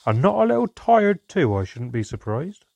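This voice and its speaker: Old dwarf innkeeper, jovial yet probing, voiced by a male reader, husky and dry. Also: fairly high pitch, sing-song, normal speed, darkish tone, no room sound, lo-fi sound, pitched above the performer's own voice, exaggerated voice.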